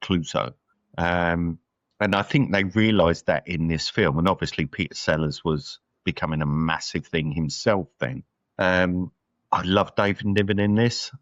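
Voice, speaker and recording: Man, podcast co-host, very low voice, rambling casual film chat, dull sound. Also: steady tone, a little slow, no room sound. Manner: rambling, thinks aloud with fillers.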